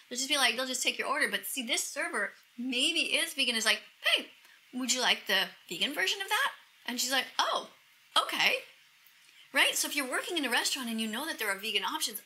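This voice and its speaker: Reacting to a video, a middle-aged woman who vlogs about vegan activism pours out her feelings to the camera in a high, piercingly bright voice, often slipping into breathy whispers. She sounds intense and sincere, and the recording is low quality.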